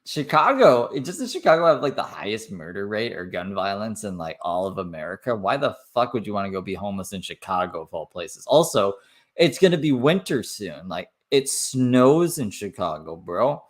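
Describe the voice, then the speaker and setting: A man's voice: on the low side, very animated, normal speed. A man from Canada giving casual reaction commentary, swearing and laughing between remarks. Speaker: reaction streamer.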